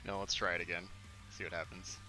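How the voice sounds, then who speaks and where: A young man co-hosting a casual gaming stream, talking low-key and often mumbling asides. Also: flat delivery, fast talker, bright, forceful tone, faint music behind. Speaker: co-host.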